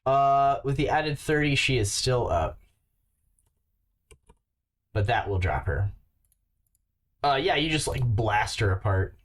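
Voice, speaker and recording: A man running a tabletop game as game master, relaxed and halting, with many fillers. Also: medium pitch.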